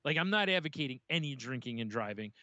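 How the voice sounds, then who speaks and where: A man's voice: mid-range voice, lively intonation, quick pace, bright, forceful tone, dry recording, muffled recording. A man co-hosting a casual podcast, chatting in a laid-back, joking way and swearing now and then. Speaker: podcast co-host. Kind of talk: casual chat.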